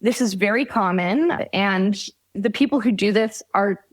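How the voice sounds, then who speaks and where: A woman's voice: medium pitch, a little slow, no room sound. A woman guest on a podcast interview, giving direct, practical advice with emphasis. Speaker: guest, travel guide author. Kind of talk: casual conversational interview.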